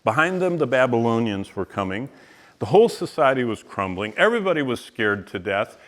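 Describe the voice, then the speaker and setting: A man teaching the Bible to a live audience, his voice at a middle pitch. He talks in an animated way, leans hard on single words and stops to ask the room questions. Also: brisk. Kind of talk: teaching sermon.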